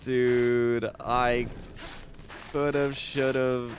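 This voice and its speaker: A man's voice: medium pitch, little pitch movement, drawn-out words, a little hiss or hum. A man streaming a video game live, talking to chat in a frustrated, self-deprecating way and swearing often. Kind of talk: live gaming commentary.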